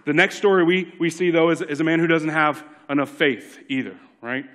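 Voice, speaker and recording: Male pastor, sermon, slightly high voice, emphatic then hushed delivery, repeats lines for emphasis. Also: fairly quick. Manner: dynamic preaching, swings from loud emphatic lines to hushed ones; repeats key lines for emphasis, acts out quotes. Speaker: lead pastor.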